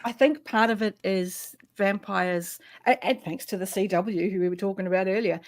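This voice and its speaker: A woman's voice: mid-range voice, normal speed, a little mellow. A woman with a New Zealand accent hosting a casual book chat over a video call. She is chatty and enthusiastic and laughs easily. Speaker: booktube host.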